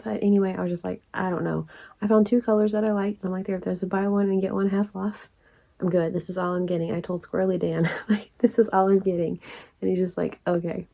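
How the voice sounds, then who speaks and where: Chatty woman, gravelly warm voice. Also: lowish voice, fairly even intonation, fast. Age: 40s. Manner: rambling, chatty, laughs often, drops to soft asides. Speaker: crochet vlogger. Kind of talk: casual storytelling vlog.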